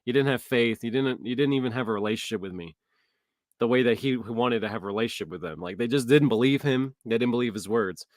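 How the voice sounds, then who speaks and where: A man's voice: mid-range voice, quick pace, dry recording, clean studio sound. Man teaching a casual Bible study. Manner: conversational, thinking aloud, frequent restarts and fillers.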